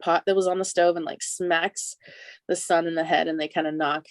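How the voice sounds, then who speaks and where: A woman recaps a TV episode in a loose, chatty way, laughing between lines. Her voice sits a little low for a woman. The sound is dry, with no room around it. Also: brisk, no echo. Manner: chatty, animated retelling with laughs. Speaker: podcast co-host.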